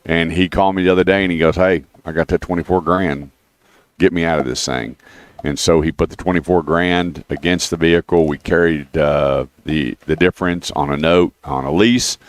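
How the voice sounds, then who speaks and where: A man's voice: sits low, moderate pace, no room sound. A man hosting a radio talk show, telling folksy stories in a casual chat and acting out the people he quotes. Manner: folksy storyteller, animated when quoting others. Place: radio studio. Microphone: studio microphone.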